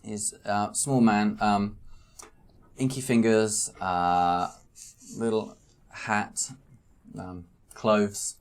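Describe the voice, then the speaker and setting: A man narrating a tabletop game as game master, hesitant, with many pauses and ums. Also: lowish voice, steady tone.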